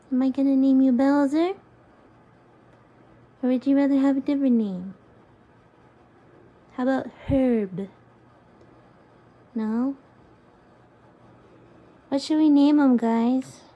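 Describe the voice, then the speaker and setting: A woman's voice: high voice, slow pace, long pauses, warm tone, lo-fi sound. A woman vlogger talking to a rescued turtle in cooing, coaxing baby talk. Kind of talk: casual vlog talking to a pet turtle.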